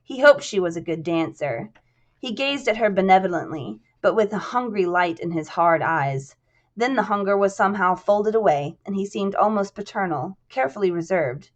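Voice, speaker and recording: A woman's voice: medium pitch, animated, moderate pace. A woman narrating a novel aloud, reading steadily and dropping in casual asides. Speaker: audiobook narrator. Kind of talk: audiobook narration.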